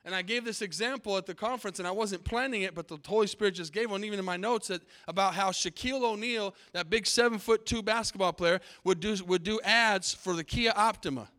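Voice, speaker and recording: A man's voice: high-pitched, fairly quick, hardly any pauses, sharp tone. A middle-aged man preaching a sermon as pastor from the pulpit, emphatic, with call-and-response to the congregation. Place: church sanctuary.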